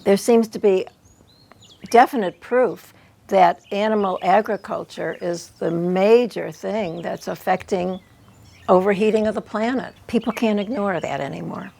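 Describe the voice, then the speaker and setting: Gravelly woman in her eighties. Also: mid-range voice, a little slow, mellow. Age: 80s. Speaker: interview guest. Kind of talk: casual chat.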